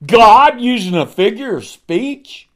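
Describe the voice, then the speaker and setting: A man preaching a sermon, swinging from hushed, low passages to ringing emphasis, with rhetorical questions and repeated refrains. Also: sing-song, takes it slowly.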